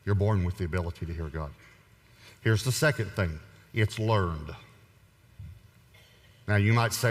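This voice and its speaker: A pastor preaches a sermon in a conversational, humorous style, repeating points for emphasis. His voice is on the low side and moderately paced with long pauses, and the recording carries a long hall reverb.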